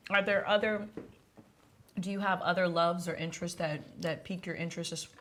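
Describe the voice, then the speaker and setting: A woman's voice: lowish voice, steady tone, brisk, fairly bright tone, slight background noise. A woman hosting a baking show, chatting in a playful, motherly way at the table with her guest. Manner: playful, motherly, laughs a lot. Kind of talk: casual TV chat.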